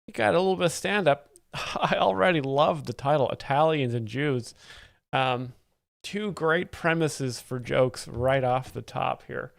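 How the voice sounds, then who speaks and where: A man with a gravelly, creaky voice hosts a live stream from home, rambling and explaining jokes with dry, mock-serious commentary. His desk mic sounds close and dry, with no room echo. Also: medium pitch, a little slow. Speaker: livestream host.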